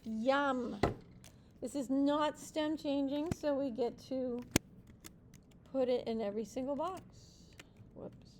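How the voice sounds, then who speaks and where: A woman's voice: sits high, takes it slowly, long pauses, noisy background. A woman teaching a Spanish class, explaining step by step, checking in with students and mixing in Spanish praise and playful nicknames.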